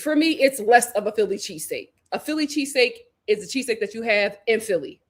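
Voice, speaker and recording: A young adult woman hosting a live reality TV recap, animated and chatty, with slangy asides. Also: a little high, fast, breathy edge. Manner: animated, chatty, slangy, puts on voices when quoting. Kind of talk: casual live stream chat.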